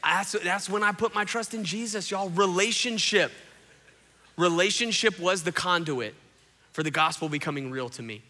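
A man preaching a sermon as pastor, telling a story with lively, animated delivery and calling the crowd "y'all". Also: high-pitched, normal speed. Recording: long hall reverb.

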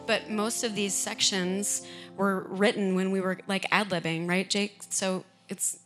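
A woman worship singer speaking casually onstage, halting with fillers. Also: mid-range voice, a bit bright.

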